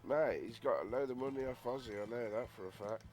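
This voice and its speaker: A man's voice: medium pitch, quick pace, darkish tone, faint music behind. Blunt Black Country Englishman. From England, West Midlands. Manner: blunt, says mate. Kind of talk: casual chat.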